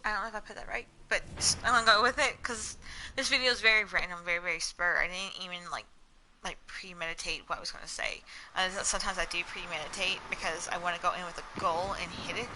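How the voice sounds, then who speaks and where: A woman's voice: lowish voice, fairly even intonation, fast talker, bright, forceful tone, slight background noise, poor audio. A woman with a slight Southern accent, chatting casually to her viewers in a rambling, stream-of-thought way, full of "like" and "you know". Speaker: vlogger.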